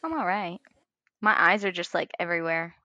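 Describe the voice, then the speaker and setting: A woman co-hosting a casual podcast chat, a mother telling animated stories, swearing and laughing a lot. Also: fairly low pitch, brisk, no echo, lo-fi sound. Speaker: podcast co-host.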